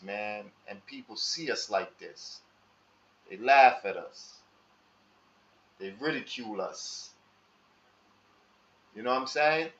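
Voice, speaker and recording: Man, slow-talking, street slang, casual stream monologue, roomy echo. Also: on the high side, fairly bright tone. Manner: slow, street slang, asks the audience for advice. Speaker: live stream host. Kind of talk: casual monologue to live chat. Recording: echoey room, dull lo-fi sound.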